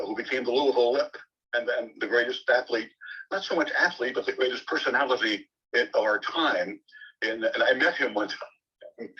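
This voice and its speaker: An older man, a sportscaster guest, telling long animated anecdotes in conversation, often repeating words as he starts sentences. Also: medium pitch, slightly rough. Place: bookstore event. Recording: distant, dull lo-fi audio.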